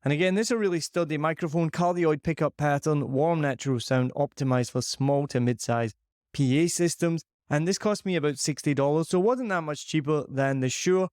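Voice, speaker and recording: A man's voice: a little high, a little fast, a little mellow, smooth, no echo. Upbeat Scottish man, very dry sound. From Scotland. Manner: upbeat, chatty, self-deprecating. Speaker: podcast host reviewing microphones. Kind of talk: casual product review. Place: large empty living room with shiny surfaces. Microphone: dynamic microphone on a boom arm.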